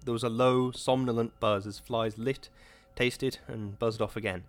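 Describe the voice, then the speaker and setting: A man narrating an audiobook in a measured, dramatic reading. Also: medium pitch, fairly even intonation, faint music behind. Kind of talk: scripted narration.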